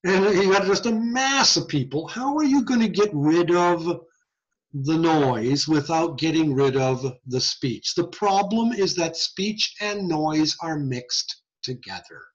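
A man's voice: a little high, slow pace, muffled recording. A man giving an informal, conversational lecture on hearing science, joking as he explains. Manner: lively, conversational, jokey. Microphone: screen-share recording.

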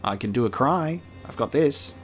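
A man's voice: medium pitch, expressive, moderate pace, soft background music, lightly acted. A man speaking as his own game hero, a cheerful male samurai who rambles and playfully boasts.

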